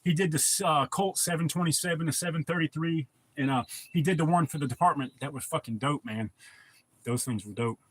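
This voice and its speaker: A man's voice: a little high, brisk, fairly bright tone, breathy edge. A man chatting casually on a livestream, rambling and profane as he answers viewer comments. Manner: rambling, profane, laid-back. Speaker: livestream host.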